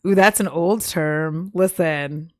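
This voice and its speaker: A woman's voice: deep voice, slow pace, darkish tone. A young woman streaming from home, chatting casually with lots of giggles and filler words. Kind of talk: casual live-stream chat.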